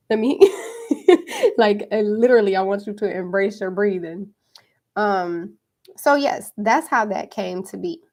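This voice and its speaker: Gravelly-voiced woman in casual spiritual talk. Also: medium pitch, unhurried. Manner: relaxed, chatty, with frequent fillers and laughs. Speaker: podcast host and card reader.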